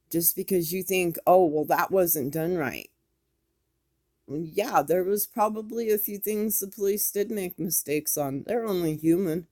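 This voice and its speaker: A woman's voice: on the low side, darkish tone. A woman, speaking in an impassioned, scolding commentary vlog. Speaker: YouTube commentator.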